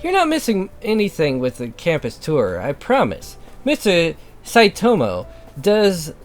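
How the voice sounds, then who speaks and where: A woman voicing a bubbly, chatty teenage schoolgirl roommate, reading game dialogue aloud with fast, gushing delivery. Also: on the low side, faint music behind. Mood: teasing. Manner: talks fast, gushing, lively.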